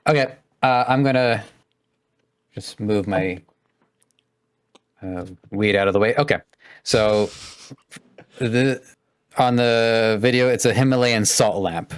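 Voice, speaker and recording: A man's voice: medium pitch, slow pace, long pauses, clean tone, no room sound. A man co-hosting a podcast in casual chat, talking with many hesitations and fillers. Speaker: podcast co-host.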